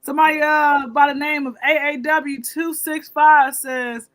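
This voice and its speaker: Bright high-voiced woman hosting a chat. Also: little pitch movement, measured pace, poor audio. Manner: chatty, laughs often, repeats words. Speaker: podcast host. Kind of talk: casual panel chat.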